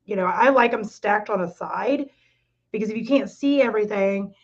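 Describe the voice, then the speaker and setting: Middle-aged woman, rambling and self-deprecating, even-pitched voice, lo-fi dull sound. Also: moderate pace. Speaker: podcast co-host and cafe owner. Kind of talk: casual chat.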